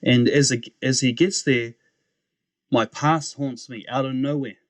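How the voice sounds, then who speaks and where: A young man, a podcast guest telling his story in a casual, animated way, acting out the voices he quotes and laughing often. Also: mid-range voice, a little slow, no echo.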